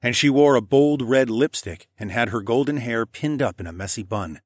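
A man narrating a first-person audiobook in a steady, measured way. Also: medium pitch, no room sound, studio quality.

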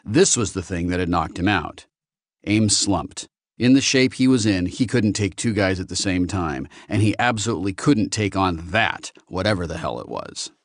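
Low, dry-voiced male audiobook narrator. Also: normal speed, dry recording. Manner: steady, even storytelling. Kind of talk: scripted narration.

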